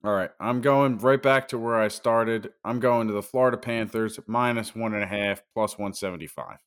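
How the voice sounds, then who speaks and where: A man's voice: on the low side, normal speed, clean tone. A man in casual podcast talk, laid-back and dry, giving his betting picks.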